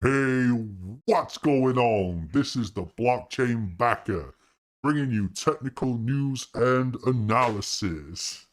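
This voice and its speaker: A man using a voice changer to drop his voice deep, doing a mock news-presenter introduction as a crypto analyst. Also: animated, slow. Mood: mock announcer. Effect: voice changer pitch shift.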